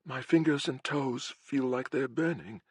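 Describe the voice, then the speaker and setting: A man's voice: medium pitch, measured pace, husky, no room sound, studio quality, pitched above the performer's own voice. A man voicing a frightened young woman who is dying and pleads in a small, whimpering voice. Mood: frightened pleading.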